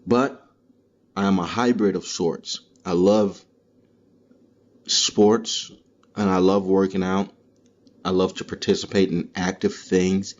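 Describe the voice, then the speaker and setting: A man's voice: low voice, takes it slowly, long pauses, dull audio. A man hosting a podcast, delivering a casual comedic monologue that rambles, swears freely and tells stories with energy. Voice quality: profane, rambling, animated storytelling. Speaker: podcast host.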